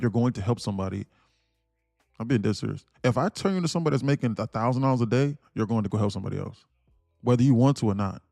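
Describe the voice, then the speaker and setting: A man's voice: on the low side, darkish tone, no echo, studio quality. A young man hosting a live trading stream, ranting emphatically and laughing between his points. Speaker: day trader streaming live. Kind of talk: livestream rant and trading commentary.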